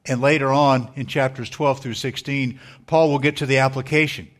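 A man, a pastor, preaching a sermon in a measured, earnest way, with small restarts as he speaks. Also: medium pitch, steady tone.

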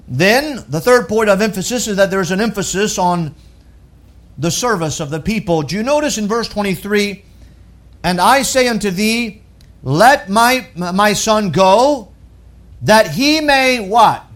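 A man preaching a sermon, emphatic, asking rhetorical questions and slowing down on key phrases. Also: high voice, lively intonation, a bit bright.

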